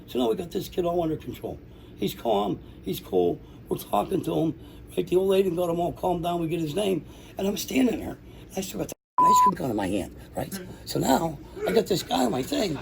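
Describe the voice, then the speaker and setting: A man from the Pittsburgh area telling a lively recovery story to a room, swearing and acting out the voices of the people in it. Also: high voice, a little fast, creaky, slight background noise. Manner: animated, swears, acts out voices. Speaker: recovery speaker. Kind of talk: storytelling to an audience.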